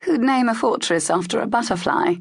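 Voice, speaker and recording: A woman narrator voicing a guarded female security consultant with clipped, deadpan replies and a husky, gravelly voice. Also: on the high side, brisk, no room sound, clean studio sound, voice pushed up. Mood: dry.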